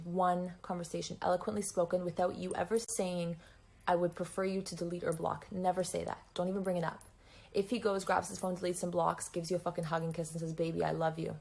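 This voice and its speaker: A woman with a fairly low, gravelly voice gives relationship advice as a blunt, emphatic rant. She swears freely and talks straight at the listener. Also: darkish tone.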